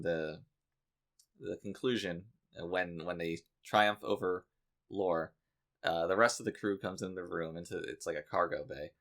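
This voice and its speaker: Gravelly low-voiced man, exasperated podcast host. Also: a bit bright. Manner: dry, exasperated, profane asides. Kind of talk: casual comedic podcast chat.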